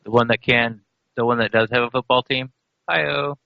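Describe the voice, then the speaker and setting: A man co-hosting a sports podcast, rambling and animated, laughing as he talks. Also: mid-range voice, normal speed, gravelly, no room sound. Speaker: podcast co-host. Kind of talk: casual sports chat. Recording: dry, slightly dull podcast audio.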